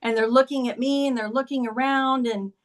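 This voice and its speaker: A woman's voice: high voice, steady tone, brisk. A woman talking as a podcast guest, telling a personal story in a conversational way and often saying "like" and "he goes".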